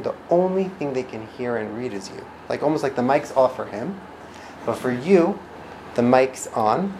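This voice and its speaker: Animated man teaching, noisy recording. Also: creaky. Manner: animated, acts out quoted reactions with big pitch jumps; frequent restarts and trailing phrases. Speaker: instructor teaching parenting and communication skills. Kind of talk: informal teaching talk. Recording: noticeable background noise.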